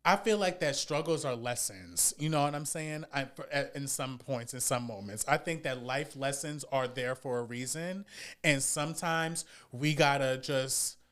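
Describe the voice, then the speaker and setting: A man in his thirties co-hosting a casual podcast, upbeat and teasing, with quick interjections. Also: medium pitch, fairly bright tone. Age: 30s. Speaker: podcast co-host. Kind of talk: casual chat.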